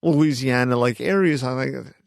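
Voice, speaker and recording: A man's voice: mid-range voice, moderate pace, vocal fry, no room sound. A man co-hosting a podcast, chatting casually and chiming in with quips on a close mic. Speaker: podcast co-host. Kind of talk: casual chat.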